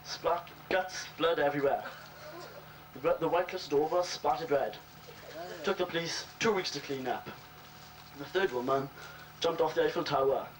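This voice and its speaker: A man telling crude pub jokes in a deadpan storytelling way, slipping into voices for his characters. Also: a little high, normal speed. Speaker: joke teller. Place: social club gathering. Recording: distant room recording with crowd noise.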